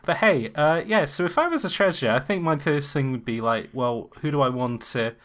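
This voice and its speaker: A man's voice: fairly high pitch, lively intonation, normal speed, fairly bright tone. A man riffing in a casual brainstorming chat, rambling and playful with lots of restarts and asides.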